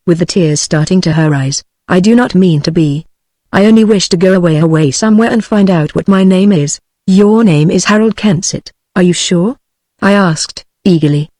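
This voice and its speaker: A woman's synthetic voice with a British English accent, reading a novel aloud as an audiobook narrator at an even, unhurried pace. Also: lowish voice, no echo. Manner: even, unhurried text-to-speech delivery.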